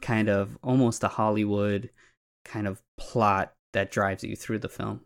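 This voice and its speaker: A man's voice: on the low side, steady tone, measured pace, creaky, clear, resonant tone. A man co-hosting a podcast, musing about a film in long, winding sentences full of "kind of" and "like". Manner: rambling, lots of "kind of" and "like". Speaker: podcast co-host. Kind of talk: casual film discussion.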